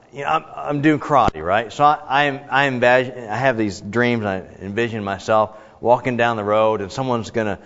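Animated male preacher in an echoey hall. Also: medium pitch. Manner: animated, self-deprecating storytelling. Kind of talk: sermon with personal anecdotes. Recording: echoey hall, dull lo-fi sound.

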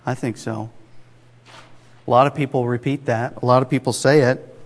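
Conversational preacher in a reverberant hall. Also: male voice, mid-range voice, steady tone, moderate pace. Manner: conversational, emphatic, rhetorical asides. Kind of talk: sermon.

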